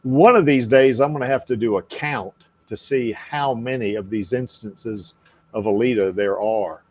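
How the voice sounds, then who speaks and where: A man's voice: medium pitch, normal speed, darkish tone. A man hosting a casual livestream podcast, rambling with lots of fillers and frequent laughs. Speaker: podcast host.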